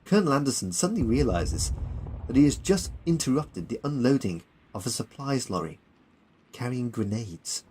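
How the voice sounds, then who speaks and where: A man's voice: mid-range voice, very animated, normal speed, darkish tone, slight background noise, poor audio. Man narrating a war audiobook. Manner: plain storytelling. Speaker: narrator and author.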